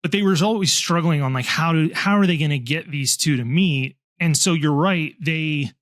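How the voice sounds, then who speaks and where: A man's voice: a little high, moderate pace, fairly bright tone, dry recording, clean studio sound. A man co-hosting a film podcast, talking enthusiastically and explaining background at length in casual chat. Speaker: podcast co-host.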